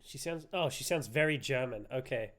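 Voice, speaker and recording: A man's voice: mid-range voice, normal speed, a bit bright. Playful, laughing male game streamer. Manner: playful, laughing, joking with chat. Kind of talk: live gameplay commentary.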